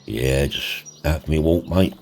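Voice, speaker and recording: A man's voice: extremely low pitch, a little slow, gravelly. A man, chatting in a casual farming roleplay, laid-back and saying mate a lot. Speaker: roleplay host. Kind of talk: casual roleplay narration and chat.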